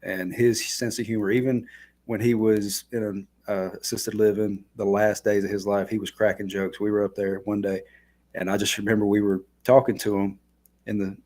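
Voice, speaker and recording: A man guest shares a story on a casual live-streamed chat. His voice is somewhat low, and he talks in a plain, easygoing way. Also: warm tone.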